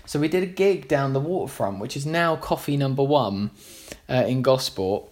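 A man's voice: medium pitch, animated, normal speed, a little mellow. Rambling man telling stories. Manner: rambling, many fillers and restarts. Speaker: musician. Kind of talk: casual anecdotal storytelling.

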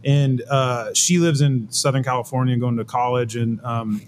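A man's voice: mid-range voice, fairly even intonation, normal speed, slight background noise. Laid-back man, chatty musician. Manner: laid-back, rambling, laughs easily. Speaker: band member, producer. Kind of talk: casual interview chat.

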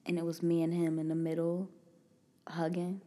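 A woman's voice: lowish voice, monotone, normal speed, warm tone. A young woman, co-hosting a podcast in casual, slangy banter with lots of laughter. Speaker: podcast co-host.

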